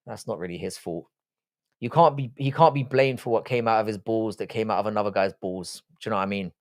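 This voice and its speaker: A British man hosting a live stream, chatting casually and reading out viewer comments. He rambles and swears freely, often restarting his sentences. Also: fairly low pitch. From Britain. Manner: rambling, frank and profane, many restarts.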